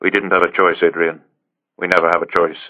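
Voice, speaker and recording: A man's voice: deep voice, flat delivery, a little fast, pushed and bright, lo-fi sound. A male narrator voicing a guarded spy who answers in short, clipped lines. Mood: terse. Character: terse, guarded male spy and art restorer.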